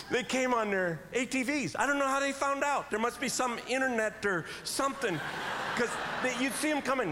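A man telling a comic story on stage, animated and full of sound effects. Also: high-pitched. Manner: animated, does sound effects and quick voices. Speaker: stand-up comedian. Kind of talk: stand-up comedy storytelling. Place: live stage before an audience. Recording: live hall with long reverb and audience noise.

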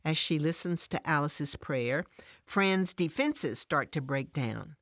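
A woman narrates a scripted devotional story in a calm, measured way. Her voice sits low. The recording is dry and close, with no room sound. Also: no room sound.

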